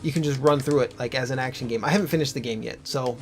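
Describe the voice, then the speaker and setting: A man's voice: medium pitch, fast, faint music behind. A young man co-hosting a let's play, chatting casually and animatedly about games, swearing now and then. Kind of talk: casual gameplay chat.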